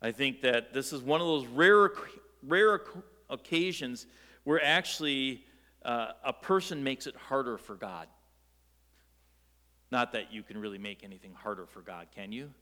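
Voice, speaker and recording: A man preaching a sermon, telling the story in a lively way with rhetorical questions and light jokes. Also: medium pitch, moderate pace, big-room sound. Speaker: pastor.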